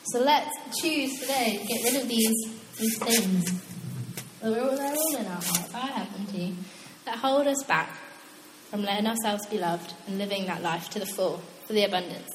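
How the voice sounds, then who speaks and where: A young woman preaching a casual, animated sermon, chatty and quick to laugh at her own asides. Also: mid-range voice, background noise. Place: church hall. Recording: echoey hall with long reverb.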